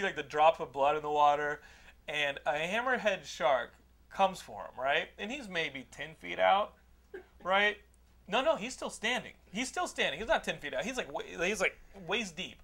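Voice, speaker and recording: High-voiced rambling man swearing and laughing. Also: sing-song, normal speed, sharp tone. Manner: rambling, profane, laughing storyteller. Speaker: podcast host giving a movie recommendation. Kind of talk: casual podcast chat.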